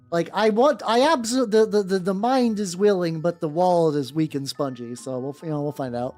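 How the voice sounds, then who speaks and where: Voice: medium pitch, normal speed, darkish tone. Rambling streamer chatting while painting. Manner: rambling, many restarts and swearing. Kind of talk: casual livestream chat. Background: faint background music.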